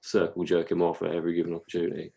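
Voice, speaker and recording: Speaking rapid-fire in a low, monotone voice that's gravelly yet mellow, this podcast co-host chats casually. He rambles through stories, laughs as he tells them, and drops into silly voices.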